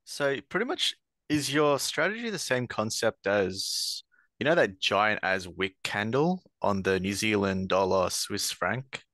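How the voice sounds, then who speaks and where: Unsure male caller, low but bright and forceful, dry mic. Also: lively intonation, unhurried, no room sound. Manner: rambling, unsure questions. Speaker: caller asking a trading question. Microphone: video call.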